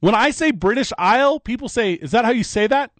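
A high-pitched man co-hosting a studio talk show, trading jokes with his partner. His voice leaps up and down as he talks. The sound is close and dry, with no room around it. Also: no room sound. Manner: animated, joking, quick asides. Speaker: co-host. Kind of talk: casual radio show banter. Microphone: studio mic.

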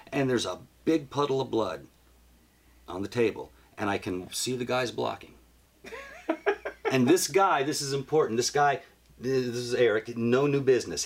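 Gravelly man telling a wild story. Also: medium pitch. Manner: animated, profane, acts out his own lines. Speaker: podcast guest telling a story. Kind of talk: casual storytelling.

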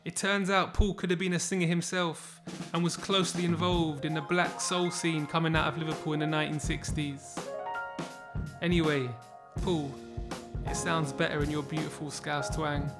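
A man with a fairly high voice opens a podcast with a scripted introduction. He reads clearly and evenly while drum-driven music plays plainly beneath him. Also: flat delivery, moderate pace. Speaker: podcast host. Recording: music bed under voice. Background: music with drums.

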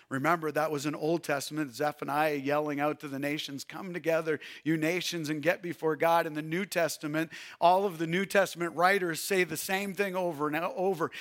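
A man preaching a sermon as pastor, swinging from shouted urging to hushed, quiet pleading. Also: sits high.

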